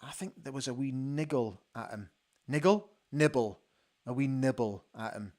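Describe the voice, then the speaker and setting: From a studio, a Scottish man hosts a live football watch-along, reacting excitedly to the play and chatting about viewers' comments. His voice is mid-range and he speaks at a normal speed.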